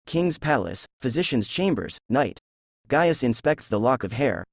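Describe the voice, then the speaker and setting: A man reading a drama transcript aloud, announcing character names and stage directions in a flat manner. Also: mid-range voice, measured pace, creaky, no echo. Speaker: script reader.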